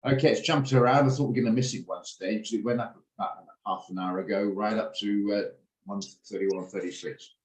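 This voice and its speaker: A man's voice: fairly low pitch, steady tone, brisk, reverberant, poor audio. A middle-aged man hosting a trading room, talking through trades in a chatty, rambling way with many restarts. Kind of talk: casual live trading commentary. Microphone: video call.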